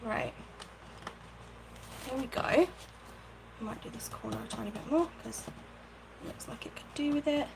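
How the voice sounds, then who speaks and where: A woman's voice: fairly high pitch, normal speed, creaky, long pauses, background noise. A woman hosting a casual craft livestream from her home craft room, chatting, thinking aloud and thanking viewers by name. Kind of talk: casual live-stream chat while crafting.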